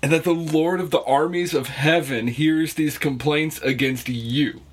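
A man with a husky voice reflecting on scripture in a casual chat. He builds emphasis as he explains the passage. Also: fairly high pitch, steady tone, measured pace. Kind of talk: casual Bible study chat.

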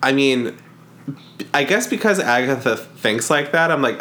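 A man's voice: mid-range voice, expressive, measured pace, sharp tone. A man co-hosting a podcast, chatting casually and jokingly about a book. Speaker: podcast co-host. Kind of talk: casual book discussion chat.

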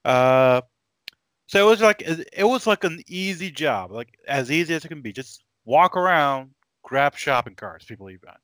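A man from Aruba chats as a podcast guest, laid-back and hesitant, filling pauses with "uh". His voice is bright and smooth, recorded close and dry. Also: on the high side, animated, dry recording. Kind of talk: casual podcast chat.

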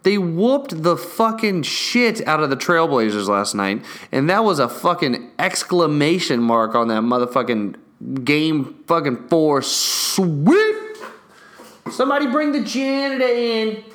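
A young man chatting casually to his viewers, excitable and profane, swinging between loud bursts and hushed asides. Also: a little high, a little slow. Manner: acts out whispered store dialogue. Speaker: vlogger. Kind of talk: casual chat to camera.

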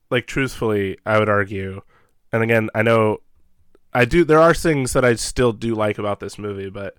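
A man's voice: fairly low pitch, fairly bright tone, clear, resonant tone, dry recording. Chatty man, dry close sound. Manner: chatty, hedging, laughs along. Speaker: podcast co-host. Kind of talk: casual movie discussion.

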